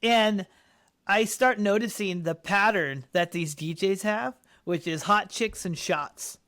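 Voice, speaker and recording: Animated high-voiced man telling a story. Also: takes it slowly. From Colorado, United States. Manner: animated, acts out quotes with big pitch jumps. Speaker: podcast guest. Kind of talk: casual storytelling interview.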